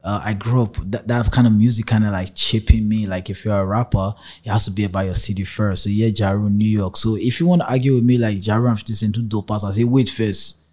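A man's voice: lowish voice, fast talker, few pauses. A young adult man from Nigeria with a Warri pidgin accent, telling stories in an interview and acting out the dialogue. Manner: animated storyteller mixing pidgin and English, acts out dialogue. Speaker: rapper, guest. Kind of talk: casual storytelling interview.

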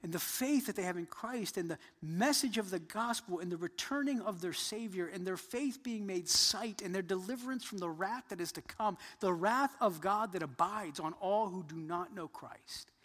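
A man in his thirties preaching a sermon, earnest, building to emphatic points and then dropping soft. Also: high-pitched, normal speed, few pauses, in a large hall. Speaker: pastor.

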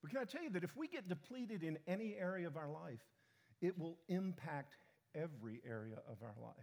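A man's voice: high-pitched, darkish tone. A middle-aged man preaching a sermon to a church congregation, often repeating words as he restarts, with conversational asides to the people. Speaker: pastor.

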